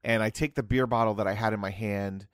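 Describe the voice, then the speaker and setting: A man's voice: fairly low pitch, fairly even intonation, fast talker, clean tone, no echo, studio quality. A young man co-hosting a podcast, telling a long story in casual chat with lots of restarts and asides. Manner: rambling, self-interrupting storyteller. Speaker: podcast co-host.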